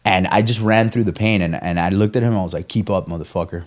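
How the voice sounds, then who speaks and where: Man, casual storyteller, low voice, swears freely, loose podcast chat. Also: fast talker. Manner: storytelling, swears freely, laughs while telling. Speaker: guest, ultramarathon runner.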